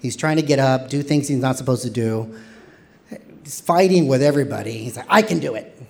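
A man telling a personal story on stage, expressive and playful with self-mocking humor. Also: medium pitch, fairly quick, vocal fry.

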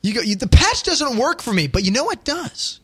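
A man's voice: very high-pitched, normal speed, husky, no echo. A man hosting a casual comedy podcast, joking around and reading odd news stories aloud. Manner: animated, jokey, reads news items aloud. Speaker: host.

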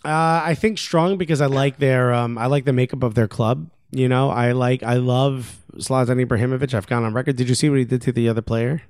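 A man's voice: medium pitch, fairly even intonation, fairly quick, few pauses, a little mellow, clean tone, dry recording, clean studio sound. A young adult man co-hosting a podcast, chatting casually, teasing and joking. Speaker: podcast co-host. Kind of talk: casual chat.

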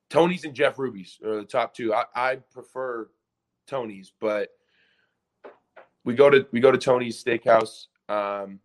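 Animated young man telling a story. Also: on the low side. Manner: animated retelling with lots of 'like' and restarts. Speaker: podcast guest, former college basketball player. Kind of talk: casual storytelling interview.

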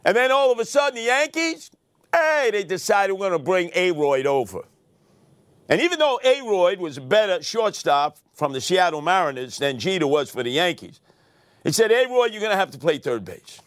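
A man's voice: high-pitched, big pitch swings, moderate pace, clean tone, dry recording, studio quality. Sarcastic New man, ranting monologue. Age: older. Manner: sarcastic, theatrical, swings between muttering and shouting. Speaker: radio commentary host. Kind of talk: opinionated monologue.

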